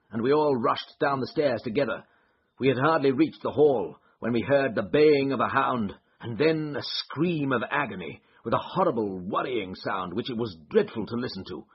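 A man narrating a story in measured audiobook style and voicing each character, on a dull lo-fi recording. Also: mid-range voice, husky.

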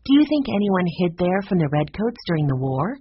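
A narrator voicing a practical older sister who speaks briskly and sensibly, in a slightly muffled storybook recording. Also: medium pitch, sing-song, slightly rough.

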